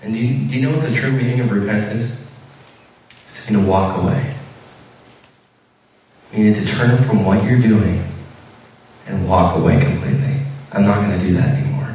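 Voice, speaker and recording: A man's voice: on the low side, normal speed, pauses often, darkish tone. A man giving an informal sermon, telling a story casually with many fillers and restarts. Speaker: preacher. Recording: echoey room heard from a distance.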